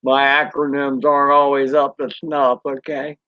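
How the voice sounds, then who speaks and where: A man with a Southern US accent chatting casually on a live stream, rambling and folksy with drawn-out fillers and mild swearing. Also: medium pitch, completely flat delivery, dry recording, dull audio. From Southern United States. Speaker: drone channel host reading live chat.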